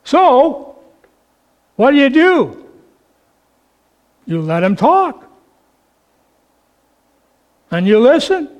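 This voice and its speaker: Slow, high-voiced male preacher. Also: big pitch swings, lo-fi sound. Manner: slow, emphatic, drawn-out phrasing. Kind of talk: sermon.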